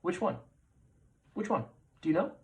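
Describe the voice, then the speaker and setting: A man's voice: high-pitched, very animated, moderate pace, darkish tone. A man in his thirties hosting a trivia quiz, repeating questions with playful jokey asides. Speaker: trivia show host.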